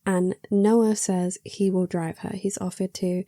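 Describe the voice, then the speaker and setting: A woman's voice: medium pitch, flat delivery, a little slow, dark tone, no room sound, clean studio sound. A young woman reviewing a book in casual chat, sarcastic and chatty, acting out the characters' lines.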